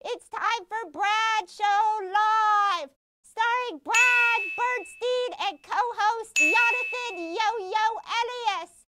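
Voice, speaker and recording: A performer voicing an excitable, chirpy cartoonish announcer who introduces the show. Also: extremely slow, heavy background noise, full character voice. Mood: excited. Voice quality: very high, squeaky.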